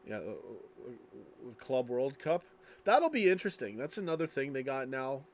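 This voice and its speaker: A man's voice: mid-range voice, sing-song, moderate pace. A tired man streaming late at night, reading chat and rambling casually, yawning as he talks. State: sleepy, yawning.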